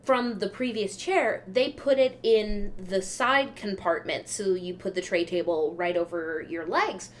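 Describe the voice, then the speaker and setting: A woman's voice: medium pitch, a little slow, hardly any pauses, slight background noise. A young adult woman hosting a podcast, telling travel mishaps in a chatty, wry, self-deprecating way. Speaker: podcast host. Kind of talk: casual travel storytelling.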